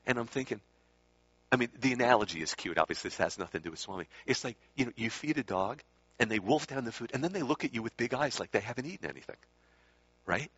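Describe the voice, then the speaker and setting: Husky man telling a rambling story. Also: medium pitch, big pitch swings, a little fast, pauses often, fairly bright tone. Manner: rambling, self-correcting, with many asides. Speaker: speaker recalling time with a spiritual teacher. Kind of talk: casual anecdotal storytelling. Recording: dull lo-fi recording.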